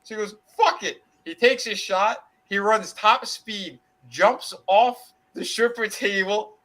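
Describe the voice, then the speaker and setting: A man's voice: sits high, fairly even intonation, slow pace, a bit bright, rough recording. A man co-hosting a casual wrestling podcast, telling a long story in a rambling way, with many fillers and restarts and casual swearing. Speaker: podcast co-host.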